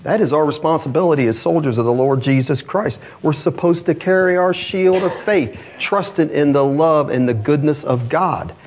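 A man preaching a sermon to his congregation, animated and asking rhetorical questions. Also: on the high side. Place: church congregation.

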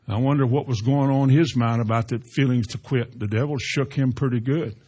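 A man's voice: medium pitch, steady tone, a little fast, mellow, breathy edge. A man preaching a sermon as a pastor, growing emphatic as he quotes scripture. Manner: preaching with rising emphasis and Bible quotations.

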